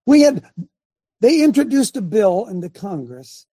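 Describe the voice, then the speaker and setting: A man leading a relaxed group discussion tells stories in a folksy, drawn-out way and keeps asking the group for agreement. His voice is husky and mellow. The sound is dry and close, as on a video call. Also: high voice, no room sound. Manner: folksy, drawn-out storytelling with rhetorical asides. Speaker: host and Bible study leader called Coach.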